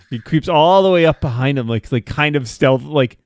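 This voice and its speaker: A man's voice: on the high side, normal speed, dry recording. A man playing a tabletop game, chuckling as he counts out his character's moves aloud. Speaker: player.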